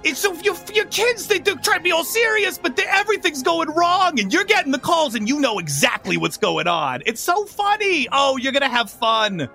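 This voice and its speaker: A man voicing an excitable, doting middle-aged mother who teases her grown child in a sing-song way during a tabletop game. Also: extremely high pitch, normal speed, creaky, hardly any pauses, soft background music, voice pushed up, exaggerated voice. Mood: gushing. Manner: gushing, teasing, sing-song. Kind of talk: tabletop role-play voice acting.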